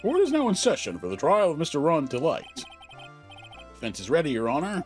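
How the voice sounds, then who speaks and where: A man's voice: a little high, wildly swooping pitch, a little fast, faint music behind. A man reading the lines of an earnest young male defense lawyer in a dry, matter-of-fact way. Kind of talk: reading game dialogue aloud.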